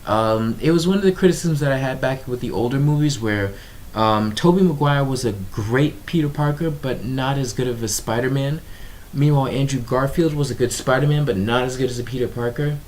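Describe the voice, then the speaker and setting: A young man giving a casual movie review, animated and exasperated, with lots of ums and fillers. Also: mid-range voice, brisk, slight background noise. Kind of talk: casual video review monologue.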